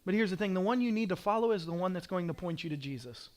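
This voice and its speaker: A male pastor with an Oklahoman accent preaching a sermon, telling stories with animation and acting out scenes, sometimes rising to a shout. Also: high-pitched, expressive, quick pace.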